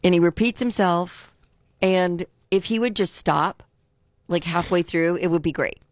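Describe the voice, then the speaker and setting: A woman's voice: lowish voice, measured pace, no echo, studio quality. A woman co-hosting a talk radio show, chatting casually and voicing exasperated, outspoken opinions. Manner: opinionated, exasperated, repeats herself. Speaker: radio co-host.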